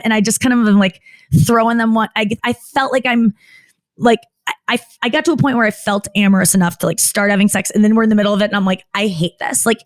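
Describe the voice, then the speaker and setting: A woman comedian, a guest in a candid podcast interview, who rambles and keeps cutting herself off with "like" and restarts. She jumps up in pitch when she acts out what other people said. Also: no echo. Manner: rambling, frequent "like", self-interrupting.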